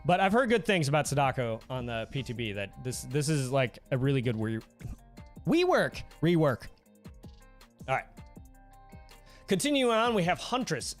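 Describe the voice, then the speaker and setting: A man hosts a casual livestream from a desk mic at home, goofy and quick to laugh as he answers his viewers. His pitch swings widely from line to line. Soft music plays faintly behind him. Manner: goofy, animated, reads chat aloud and laughs often. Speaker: livestream host.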